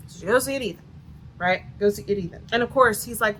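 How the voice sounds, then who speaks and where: A woman's voice: medium pitch, fast talker, a little hiss or hum, poor audio. A woman with a Southern US accent giving a sarcastic, profanity-filled book review rant with lots of "like" fillers. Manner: sarcastic, swears a lot, many "like" fillers.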